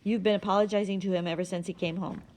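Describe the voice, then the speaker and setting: A woman's voice: mid-range voice, fairly even intonation, fast talker, a little mellow, natural voice. A woman reading the lines of a bitter, rigid middle-aged mother in a clipped, cold way.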